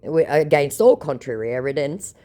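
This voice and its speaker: In a low, mellow, expressive voice at normal speed, a woman vlogger tells the story of her conversations with scammers. Her casual account drips with sarcasm and mockery.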